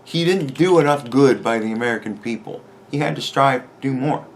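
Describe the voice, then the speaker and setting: A podcast host delivering a profane, sarcastic rant in an exasperated tone. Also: male voice, medium pitch, brisk, slight background noise. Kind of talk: ranting commentary.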